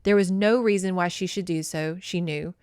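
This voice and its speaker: Excitable, profane woman podcast host. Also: lowish voice, moderate pace, dry recording, studio quality. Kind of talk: casual book recap with read-aloud passages.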